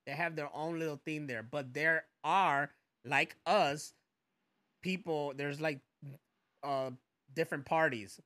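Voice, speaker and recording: A man's voice: fairly high pitch, takes it slowly. A young man co-hosting a casual podcast, talking in a joking, loose way. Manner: joking, animated, slips into put-on voices. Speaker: podcast co-host.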